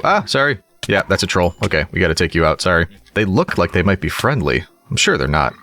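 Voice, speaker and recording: A man's voice: low-pitched, big pitch swings, a little fast, hardly any pauses, a bit bright. A young man giving casual, chatty commentary as he plays a video game, now and then cooing at animals. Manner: chatty, talks to animals in a sing-song coo. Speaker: gaming YouTuber.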